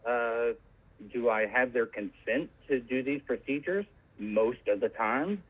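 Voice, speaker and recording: Male caller, calm and deadpan, phone-line sound. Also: medium pitch, unhurried, breathy edge. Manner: calm, deadpan, matter-of-fact about absurd claims. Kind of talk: deadpan comedic call-in bit.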